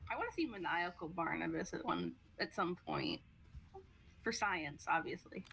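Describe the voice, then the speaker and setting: A woman from Maryland chatting casually on a live roleplay stream, playful and quick to laugh. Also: on the low side, lively intonation, gravelly, low-quality recording. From Maryland, USA. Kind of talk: casual chat.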